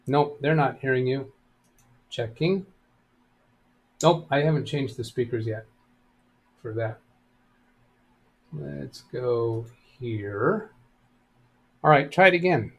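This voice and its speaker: A middle-aged man hosting a live stream, reading out viewer chat and answering computer questions in a relaxed, thinking-aloud way. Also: medium pitch, takes it slowly, vocal fry, long pauses, husky.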